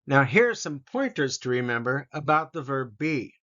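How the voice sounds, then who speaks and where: A man teaching an English grammar lesson, reading example sentences slowly and deliberately so learners can repeat after him. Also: mid-range voice, sing-song, sharp tone, dull audio.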